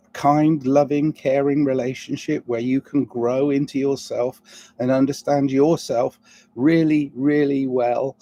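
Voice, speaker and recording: In a mellow mid-range voice, a vlogger muses alone with a distinct non-standard English accent. His monologue rambles as he keeps putting questions to himself.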